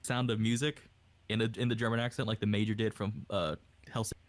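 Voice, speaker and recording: A man's voice: fairly low pitch, fairly even intonation, fairly quick, no echo. A man on a casual podcast call, joking and teasing the others. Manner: joking, teasing, laughs loud. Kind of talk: casual group chat on a call.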